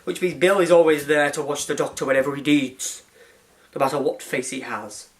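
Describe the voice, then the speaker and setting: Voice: mid-range voice, steady tone, fairly quick. Hyper, rambling fan reviewer. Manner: hyper, gushing and rambling, often restarts with "anyway". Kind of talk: excited episode recap and review.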